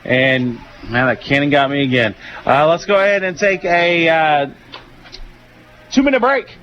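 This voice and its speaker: A tired male radio announcer with a Southern twang, calling a football game play by play in a relaxed, folksy way with many fillers. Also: a little high, unhurried, slight background noise. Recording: dull lo-fi radio broadcast.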